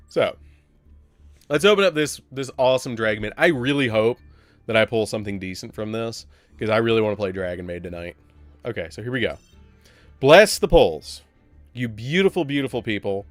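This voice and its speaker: A man's voice: lowish voice, no room sound. A man from Alabama with a Southern accent, rambling and joking with his chat while live-streaming a card game. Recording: dry with faint music behind.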